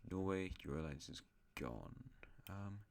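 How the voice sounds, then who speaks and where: A man's voice: low-pitched, expressive, a little slow, vocal fry, a little hiss or hum. A man hosting an alternate-history map series, narrating in a rambling, chatty way with self-mocking asides. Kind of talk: casual map-game commentary.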